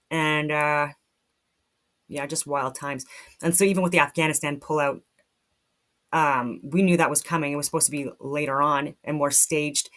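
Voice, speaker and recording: A woman's voice: deep voice, a bit bright. A woman from Canada giving casual spoken commentary, talking animatedly with frequent restarts and free swearing.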